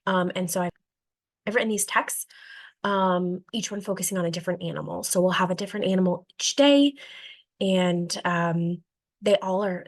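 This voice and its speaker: A woman who teaches languages to young students, chatting casually about her reading strategies with lots of fillers and acted-out classroom exchanges. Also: on the low side. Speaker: elementary world language teacher.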